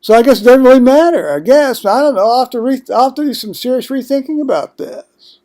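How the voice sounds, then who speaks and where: Rambling older man, blunt and high-voiced. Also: expressive, fast talker, darkish tone. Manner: digressive, blunt, profane asides. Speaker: vlogger. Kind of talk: rambling home video monologue.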